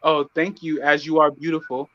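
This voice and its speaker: A man's voice: fairly high pitch, level tone, moderate pace, fairly bright tone, dull audio. A man chatting casually on a video call. He talks in an easygoing, agreeable way and often asks "you know what I'm saying?".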